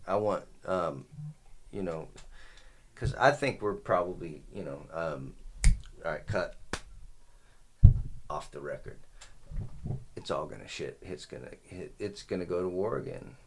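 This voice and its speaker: A man's voice: sits low, lively intonation, measured pace, pauses often, background noise. A man hosting a podcast in casual, profane chat, rambling and stumbling over his words. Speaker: podcast host.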